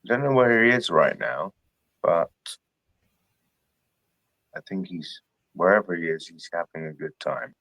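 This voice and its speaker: A man opens a live stream, talking to his viewers in a relaxed, soft-spoken way. His voice sits very low and stays unhurried. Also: creaky, dry recording. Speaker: host. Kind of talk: casual live-stream chat.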